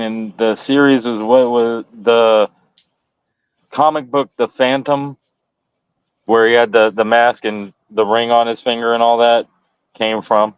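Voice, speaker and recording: A man's voice: mid-range voice, clean tone, no echo, lo-fi sound. A man on a casual livestream passing along chat messages in an easygoing way. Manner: relays messages plainly, easygoing. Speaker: stream co-host reading chat.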